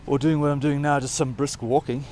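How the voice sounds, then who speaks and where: A man's voice: medium pitch, steady tone, fairly quick, a little mellow, slight background noise. Breathless South African man vlogging on a hike. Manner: rambling, loose, lots of fillers. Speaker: travel vlogger. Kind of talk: casual vlog chat while hiking. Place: outdoors on a high mountain trail.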